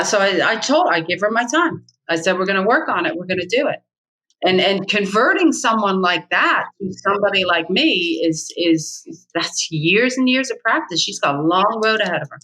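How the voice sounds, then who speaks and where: Blunt, bright-voiced middle-aged woman. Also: mid-range voice, animated, normal speed, poor audio. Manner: blunt, emphatic, repeats key points. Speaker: real estate agent, guest. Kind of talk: candid interview talk.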